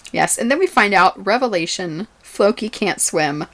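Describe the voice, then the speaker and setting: A woman's voice: medium pitch, animated, moderate pace, a bit bright. A woman co-hosting a podcast, chatting casually and often laughing as she recaps a TV episode. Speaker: podcast co-host.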